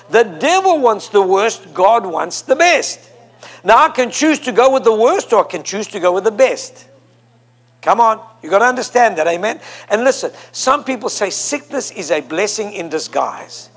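High-voiced preacher leading call and response. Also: male voice, lively intonation, a little slow. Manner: leads the congregation in call and response; emphatic, repeats phrases for effect. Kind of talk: sermon. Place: church before a congregation.

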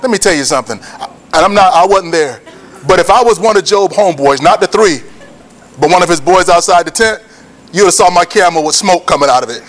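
Man preaching, high voice, emphatic repeated phrases, sermon delivery. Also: expressive, brisk. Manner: emphatic, repetitive cadences, rising to shouts.

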